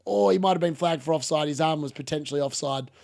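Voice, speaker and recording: A man hosting a live football watchalong, chatting casually and reacting excitedly to the game. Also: a little high, fast talker, gravelly. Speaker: watchalong host.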